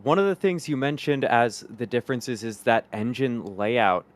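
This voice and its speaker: A man's voice: medium pitch, normal speed. A man hosting a livestream, reading out viewer messages and thanking supporters in an upbeat way. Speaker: livestream host. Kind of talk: live-stream hosting, reading super chats.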